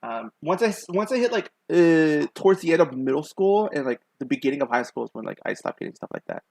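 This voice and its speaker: A man's voice: on the high side, very animated, quick pace, vocal fry, a little mellow, dry recording. Rambling young man streaming his sketching. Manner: rambling, many fillers, chatting to viewers. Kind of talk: casual chat while drawing.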